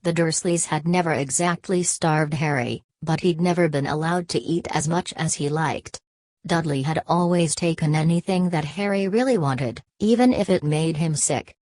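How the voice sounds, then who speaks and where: Woman, audiobook narrator, low voice, dry close sound, steady measured reading. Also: dry recording.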